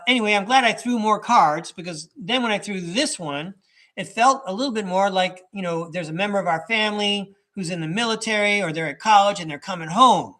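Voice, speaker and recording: A man's voice: high voice, pushed and bright. Chatty, rambling man reading tarot live. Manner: rambling and chatty, with many fillers and asides; chuckles between thoughts. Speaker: tarot reader and podcast host.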